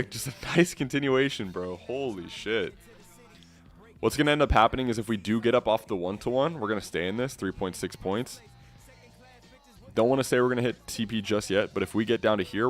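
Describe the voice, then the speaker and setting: A young man commentating his live trades casually, swearing often and calling the audience bro. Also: fairly low pitch. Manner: swearing, says bro constantly, swings from bragging to exasperated. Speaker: streamer trading futures live.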